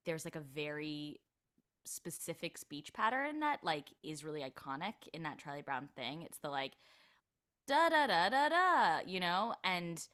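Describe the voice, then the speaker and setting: A young actress talks as a podcast guest. Her voice sits low but has a bright, forward edge. She rambles happily and scatters "like" through every sentence. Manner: chatty, lots of "like" fillers. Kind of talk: casual interview chat.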